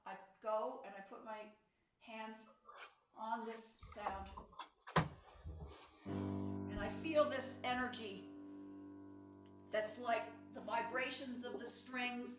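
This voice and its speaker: A woman's voice: mid-range voice, fairly bright tone, roomy sound. A woman in her sixties, a pianist, giving a thoughtful talk, searching for words with fillers and restarts. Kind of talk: reflective lecture talk.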